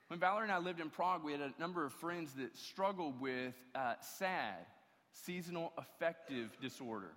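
Male pastor preaching, high-pitched and emphatic, captured in a church hall with long reverb. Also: lively intonation, normal speed, bright, forceful tone. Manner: emphatic preaching with repeated restarts. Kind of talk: sermon.

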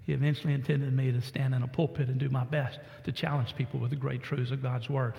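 A man's voice: medium pitch, flat delivery, quick pace, gravelly, dark tone, in a large hall. A man in his sixties from Texas, a pastor preaching a sermon with folksy stories that build to emphatic exhortation.

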